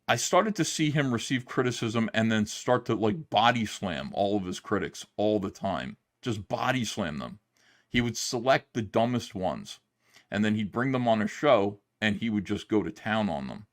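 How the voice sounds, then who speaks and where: Rambling, animated man, lowish voice. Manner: rambling, animated retelling with acted-out quotes. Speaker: comic book creator streaming commentary. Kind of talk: casual livestream monologue.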